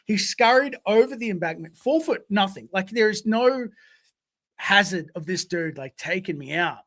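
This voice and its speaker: A man co-hosting a podcast, telling stories casually in an animated way, swearing freely and acting out voices. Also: high-pitched, moderate pace. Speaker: podcast co-host. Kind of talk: casual storytelling.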